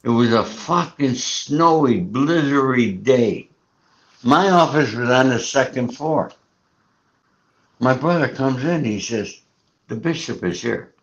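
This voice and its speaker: Guy hosting, swears a lot, rambles through a story, mid pitch, dull muffled sound. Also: lively intonation, slow. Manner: rambling, profane, acts out quoted dialogue. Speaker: show host. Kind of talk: casual storytelling chat. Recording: muffled lo-fi audio.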